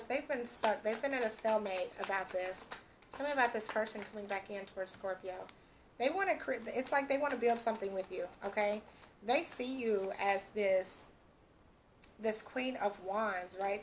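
A tarot reader gives a casual reading in a slightly high voice, with a bit of noise in the background. She's chatty, laughs often, and quotes imagined speech.

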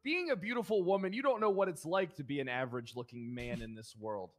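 A man's voice: a little high, quick pace. A young man in improvised game roleplay, playing a sheriff with brash, profane, mock-aggressive ranting.

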